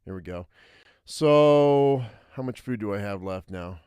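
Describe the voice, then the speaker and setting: Smooth-voiced man streaming a text game. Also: lowish voice, animated, unhurried, darkish tone, dry recording. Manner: thinking aloud, hesitant, with frequent fillers. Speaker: streamer playing an interactive fiction game. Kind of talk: live gameplay commentary and reading aloud.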